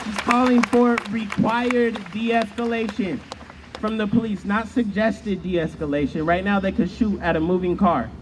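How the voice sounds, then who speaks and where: A protest speaker with a high-sitting voice gives a fiery, rhetorical rally speech outdoors on the street, keeping a measured pace and fairly even intonation. He chants with the crowd, and loud crowd and street noise fill the recording.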